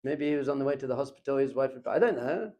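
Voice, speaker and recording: A man teaches a lively Torah class in a classroom, acting out little scenes and chuckling often as he speaks. His voice is mid-range and his pace quick.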